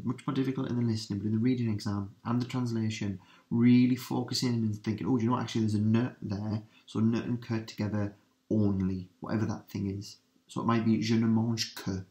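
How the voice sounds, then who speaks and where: A male teacher running a revision lesson. His voice sits a little low, and he keeps stressing words by repeating them. He slows right down whenever he says a French example. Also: warm tone. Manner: repeats key words for emphasis, breaks into slow French examples.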